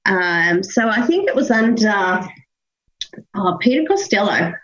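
A woman with an Australian accent, a guest HR professional explaining things in a relaxed, casual interview. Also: mid-range voice, a little slow, muffled recording.

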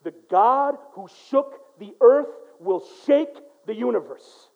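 Animated high-voiced preacher, casual and loud. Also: male voice, takes it slowly, vocal fry, narrow, tinny audio. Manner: casual, animated storytelling, swings from hushed to loud. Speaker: pastor. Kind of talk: sermon with personal stories.

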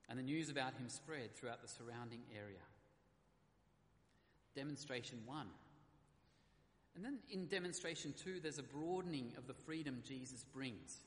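Man preaching in an echoey hall. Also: a little high. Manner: earnest preaching, reads scripture aloud with emphasis. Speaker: pastor. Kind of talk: sermon. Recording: echoey hall with faint ambience.

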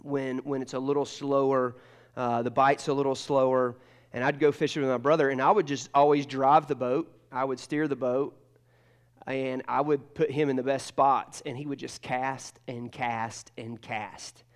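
A man's voice: mid-range voice, little pitch movement, normal speed. A man preaching a casual, joking sermon, telling stories with lots of restarts. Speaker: pastor. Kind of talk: conversational sermon.

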